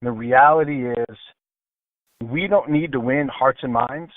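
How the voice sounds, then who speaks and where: A man's voice: medium pitch, measured pace, no room sound. A man with a military background, speaking as a radio talk show guest in an emphatic way and repeating words for stress. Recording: phone line.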